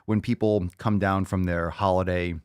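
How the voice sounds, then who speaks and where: A man's voice: deep voice, steady tone, moderate pace, a little mellow, clear, resonant tone, dry recording, studio quality. A man hosting a casual livestream podcast, brash and profane, hyping people up and repeating phrases for emphasis. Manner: brash, profane, hyped-up gym talk. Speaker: podcast host.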